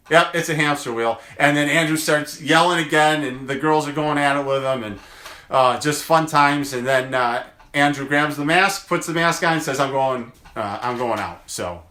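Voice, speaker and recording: A man talks through a casual video update, drifting from family stories to side thoughts with plenty of "uh"s and restarts. His voice has a bright, forward edge, and the room around him rings noticeably. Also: a little high, echoey room. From United States. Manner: rambling storyteller, many fillers. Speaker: chiropractor.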